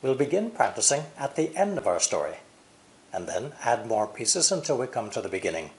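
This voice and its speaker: A man with an American accent teaching English pronunciation, speaking deliberately and exaggerating stress and intonation. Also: medium pitch, very animated. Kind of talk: pronunciation lesson.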